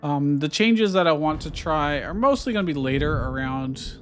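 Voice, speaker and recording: A man narrating his own gameplay in a relaxed, thinking-aloud way. His voice sits a little high, and he muses over options with frequent fillers. Faint music plays behind him. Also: moderate pace. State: hiccuping. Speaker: gameplay streamer. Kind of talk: casual let's-play commentary.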